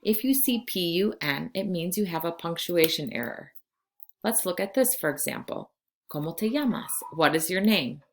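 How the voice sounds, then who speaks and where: A woman in her forties from California, giving a recorded Spanish lesson to her class in slow, clear instructions. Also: on the low side, lively intonation. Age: 40s. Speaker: Spanish teacher.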